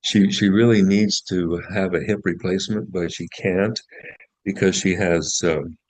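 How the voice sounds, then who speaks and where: A man's voice: low voice, fairly even intonation, measured pace, a little mellow, dry recording, poor audio. A man in his sixties, a guest author, telling folksy stories with self-deprecating humor and frequent restarts. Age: 60s. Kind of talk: casual interview chat.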